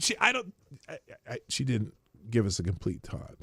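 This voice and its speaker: A man's voice: high-pitched, big pitch swings, fairly quick, a bit bright, no echo, studio quality. A man hosting a casual livestream, talking with sarcasm and exasperation, reading out viewer comments and reacting to clips. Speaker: livestream host.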